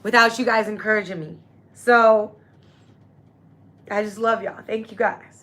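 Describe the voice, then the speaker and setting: An astrology livestream host, a young woman with a medium-pitched, steady, fairly bright voice, speaks unhurriedly and directly to her viewers. Effusive and grateful, she grows teary with happiness during the casual talk.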